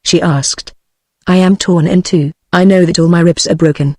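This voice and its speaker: A text-to-speech woman's voice with a British English accent, reading an adventure novel aloud in an even, uniform way, voicing every character the same. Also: on the low side, moderate pace, no room sound. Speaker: audiobook narrator. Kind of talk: synthetic audiobook narration.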